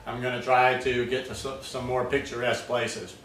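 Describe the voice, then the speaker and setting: A man's voice: mid-range voice, flat delivery, moderate pace, a bit bright, slight background noise. A man chatting casually as a vlogger at his home, rambling and full of fillers. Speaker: vlogger making smoothies. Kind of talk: casual chat. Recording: roomy, distant mic, faint ambience.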